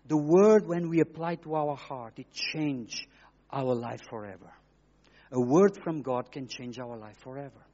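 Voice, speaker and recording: A middle-aged man giving an emotional testimony sermon as a guest preacher, in simple, broken phrasing, swinging between hushed and loud. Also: mid-range voice, a little slow. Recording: dull lo-fi recording.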